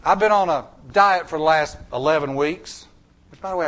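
Man, preacher, high-pitched, emphatic, repetitive, joking asides, church sermon. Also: fast talker, a bit bright. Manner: emphatic, repetitive, with folksy jokes.

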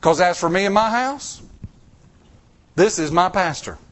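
A man's voice: high-pitched, animated, unhurried, a bit bright. A middle-aged man preaching a story-filled sermon, acting out quotes in shifting voices.

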